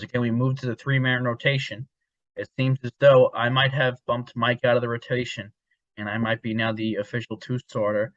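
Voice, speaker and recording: A man's voice: mid-range voice, fairly bright tone, no echo. Rambling, laughing man on a dull, dry line. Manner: rambling storyteller, laughs often, swears casually. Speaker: podcast co-host. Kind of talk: casual chat.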